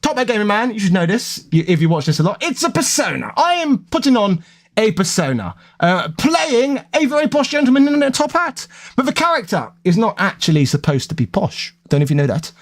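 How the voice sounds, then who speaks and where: A man putting on a pompous posh gentleman. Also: high voice, sing-song, voice pushed up. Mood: haughty. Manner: exaggerated posh, drawn-out delivery. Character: pompous posh top-hatted gentleman, a commoner faking class. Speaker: gaming YouTuber. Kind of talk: reading viewer comments in character.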